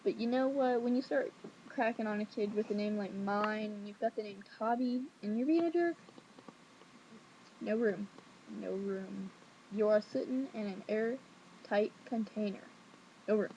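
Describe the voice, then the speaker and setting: A young woman vlogging from home at night, telling a childhood story in a rambling, sassy, animated way. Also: mid-range voice, normal speed, slight background noise. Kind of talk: casual storytelling to camera. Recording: dull lo-fi webcam audio.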